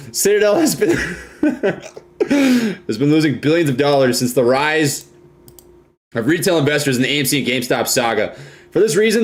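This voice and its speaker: A young man from Minnesota hosting a casual live stream, reading viewer comments and often ending lines with "right?" and "man". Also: a little high.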